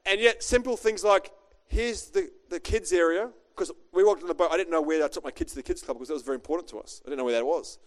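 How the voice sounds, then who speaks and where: Fast-talking pastor, joking storyteller. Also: male voice, fairly high pitch. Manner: chatty, joking, animated. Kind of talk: storytelling sermon.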